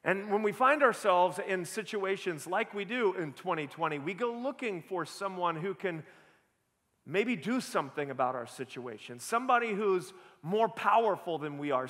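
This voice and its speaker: A man's voice: high-pitched, a bit bright, big-room sound. A man preaching a sermon as pastor, earnest and building with rhetorical questions, in a large church auditorium.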